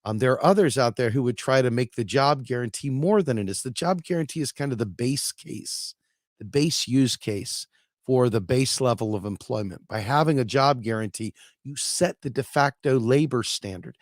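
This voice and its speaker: A man's voice: medium pitch, no echo, clean studio sound. A man hosting opinionated solo political commentary who talks bluntly, with swearing and sarcasm.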